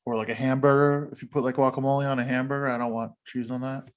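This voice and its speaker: Male podcast host, mid-pitched, loose chatty delivery with frequent laughs. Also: little pitch movement, fast, lo-fi sound. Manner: rambling, self-deprecating, laughs often. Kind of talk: casual chat.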